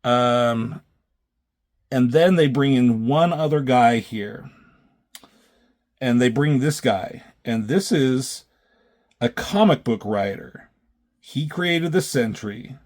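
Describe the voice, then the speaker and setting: A man giving a loose, casual recap of comic book pages, swearing freely and pausing often with filler ums. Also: medium pitch, darkish tone.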